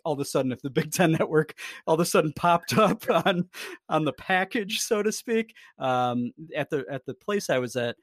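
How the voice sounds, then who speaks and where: A man's voice: mid-range voice, no echo, studio quality. A man in his thirties, a podcast co-host in casual sports chat, rambling and profane with self-deprecating jokes.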